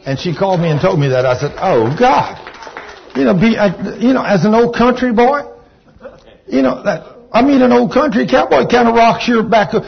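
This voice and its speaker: A man's voice: very high voice, animated, brisk, gravelly, some chatter behind. A Texan man preaching a sermon, folksy, rambling and enthusiastic. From Texas. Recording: dull lo-fi recording.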